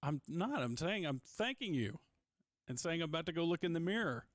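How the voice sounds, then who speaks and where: A man's voice: fairly high pitch, sing-song, brisk, no echo, studio quality. A man hosting a casual talk show, easygoing as he steers the conversation. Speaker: host. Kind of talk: casual podcast chat.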